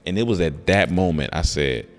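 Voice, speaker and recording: A young man chatting casually on a podcast as a guest, telling an animated story and acting out the voices of the people in it. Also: low-pitched, normal speed. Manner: animated storyteller who acts out quoted voices.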